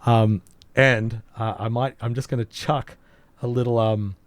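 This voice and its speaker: Brief: husky-voiced host, rambling and thoughtful, dry close mic. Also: male voice, medium pitch, fairly even intonation, a little slow, dry recording. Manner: rambling, thoughtful, many ums. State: hoarse, voice nearly gone. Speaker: podcast co-host. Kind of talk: casual game review chat.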